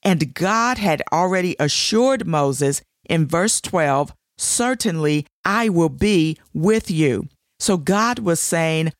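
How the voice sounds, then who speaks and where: A woman's voice: on the low side, lively intonation, slow, no echo, studio quality. A woman hosting a devotional show, teaching scripture with emphatic, repeated declarations.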